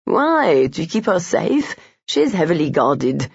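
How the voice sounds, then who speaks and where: Narrator voicing easygoing Frenchman, French accent, gallant, husky. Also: medium pitch, very animated, a little slow, dry recording, dull audio, exaggerated voice.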